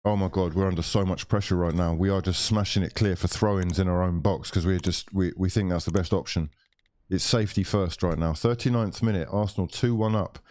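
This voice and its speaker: With a low-pitched, slightly mellow voice, steady in tone and brisk in pace, a young man commentates a live football watchalong, exasperated and swearing throughout as he rants at players and referees.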